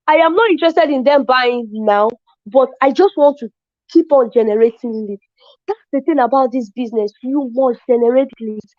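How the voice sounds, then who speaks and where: A woman tells her story as an affiliate marketer in an excitable, casual way, often saying "as in". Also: sits high, no room sound. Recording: dull lo-fi, dry sound.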